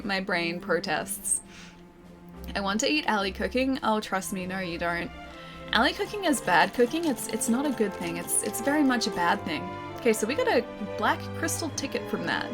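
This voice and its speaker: A female streamer chatting casually while playing a game and reading chat aloud, self-deprecating and laughing often. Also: a little high.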